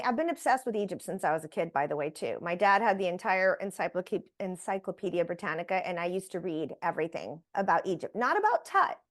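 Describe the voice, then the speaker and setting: Woman guest telling her story, lively, mimics what people said to her. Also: medium pitch. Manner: animated, acts out quoted voices. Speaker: interview guest. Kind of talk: personal storytelling.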